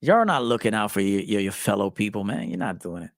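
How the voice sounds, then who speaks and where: A man in his forties, a men's life coach, telling stories in a profane, animated casual monologue, acting out quotes. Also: lowish voice, a little fast, no room sound, studio quality. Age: 40s. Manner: profane, animated storytelling with acted quotes and laughs.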